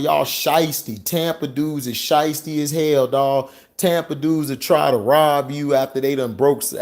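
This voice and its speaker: Man, mid pitch, unhurried, salty and chuckling, off-the-cuff monologue. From St. Petersburg, Florida. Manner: loose and profane, laughs between remarks. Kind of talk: casual monologue.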